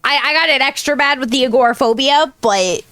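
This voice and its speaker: Bright, lively American woman streamer. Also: high-pitched, normal speed. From United States. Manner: rambling, chatty, laughs often, answers chat. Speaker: VTuber streamer. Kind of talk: casual livestream chat.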